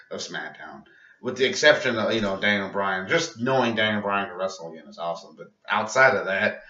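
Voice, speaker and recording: A man's voice: lowish voice, bright, forceful tone, distant mic. A man casually recapping a wrestling show in a rambling, profane vlog, laughing at his own jokes. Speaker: vlogger reviewing wrestling. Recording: roomy, muffled and off-mic.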